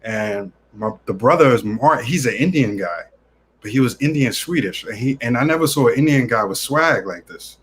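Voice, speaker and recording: Brief: New man, interview guest, chatty storyteller, mid pitch, faint background noise. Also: moderate pace. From New York City. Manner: lively anecdotes with slang. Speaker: guest, traveler.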